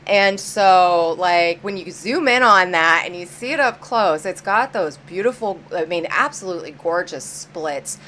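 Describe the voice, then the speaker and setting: A woman's voice: on the low side, lively intonation, a little slow, hardly any pauses, a bit bright, a little hiss or hum. A woman hosting a live-stream auction, chatty and upbeat, greeting viewers by name as she counts down bids.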